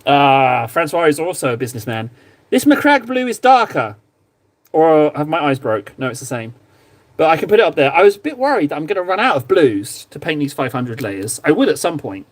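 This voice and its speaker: A young man hosting a livestream paints miniatures and talks a little fast, his slightly high voice swinging widely in pitch. The chat is casual, and he jokes around and teases viewers in playful banter.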